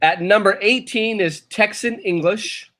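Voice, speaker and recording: High-voiced man counting down a list. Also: unhurried. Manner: steady, announcing list entries between chatter. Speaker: co-host reading a ranked list. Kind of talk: casual group chat on a live show.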